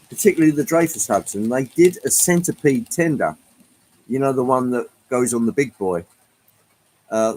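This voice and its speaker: A British livestream host chats loosely with viewers in live chat, wandering and hesitant with many ums. His medium-pitched voice has a darkish tone, and the poor audio has a bit of hiss or hum.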